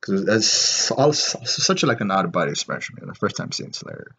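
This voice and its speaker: A man telling a story in a rambling, excited way, with lots of fillers and swearing. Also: low-pitched, normal speed, gravelly, husky. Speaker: vlogger. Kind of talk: casual storytelling.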